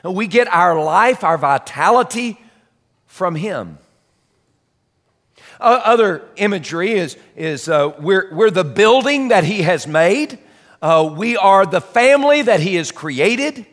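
A man's voice: high-pitched, expressive, unhurried, fairly bright tone. A man preaching a conversational sermon as pastor, folksy and chatty with self-deprecating asides, in a church sanctuary. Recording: long hall reverb.

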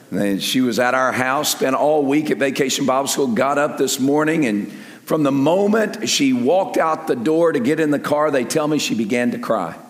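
An older man preaching a sermon as pastor, rising to loud peaks and dropping to soft asides. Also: mid-range voice. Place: large church sanctuary with long reverb. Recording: echoey hall with long reverb.

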